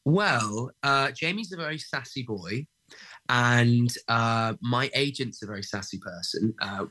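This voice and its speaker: A young man talks through his thoughts in a relaxed interview. He hesitates often, looping back with ums and restarts before landing his point. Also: mid-range voice, unhurried. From England. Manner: hesitant, many fillers and restarts. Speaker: actor guest. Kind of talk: casual interview chat.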